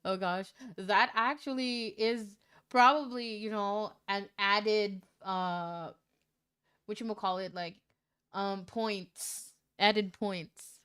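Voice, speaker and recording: A woman streamer reading out a viewer's love story in a casual way, breaking into loud, shocked reactions and swearing. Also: medium pitch, fairly even intonation, slow, smooth.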